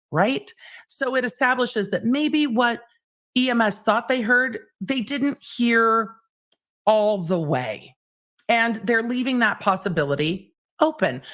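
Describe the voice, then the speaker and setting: A woman's voice: lowish voice, fairly bright tone. A woman hosting a casual trial recap as a legal commentator, conversational and chatty.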